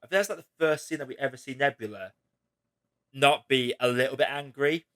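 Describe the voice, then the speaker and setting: Animated man chatting casually. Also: medium pitch, fairly quick. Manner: animated, acts out quotes in raised voices. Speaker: podcast host. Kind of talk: casual spoiler chat.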